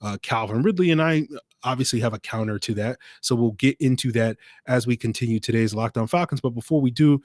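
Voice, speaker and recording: A man's voice: medium pitch, fairly quick, a little mellow, dry recording. Dry-voiced man hosting a sports podcast. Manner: conversational, many fillers, dry sarcasm. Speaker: podcast host. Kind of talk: solo sports podcast commentary.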